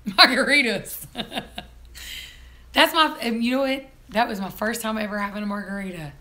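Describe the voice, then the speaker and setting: A hoarse woman, hosting a casual live-stream chat, chatty and quick to laugh. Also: mid-range voice, fairly bright tone. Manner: chatty, laughs often, teasing. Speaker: vlog host.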